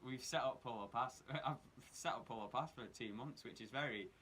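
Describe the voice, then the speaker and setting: A man's voice: mid-range voice, normal speed, fairly bright tone, a little hiss or hum. A man co-hosting a radio show about comics, rambling in casual chat, correcting himself and laughing often. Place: radio studio.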